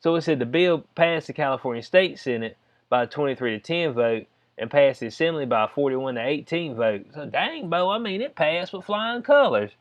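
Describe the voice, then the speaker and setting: A man's voice: on the high side, lively intonation, moderate pace, highs cut off. A man with a Southern US accent talking loosely over a news story, reading bits aloud and peppering his talk with "you know what I'm saying.". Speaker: vlogger commenting on news.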